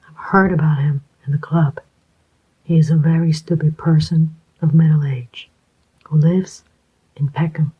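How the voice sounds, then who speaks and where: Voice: mid-range voice, fairly even intonation, measured pace, breathy edge. A reader voicing a sly, contemptuous man posing as an army major, in a whispered role-play with a faintly mocking manner. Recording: dull lo-fi recording.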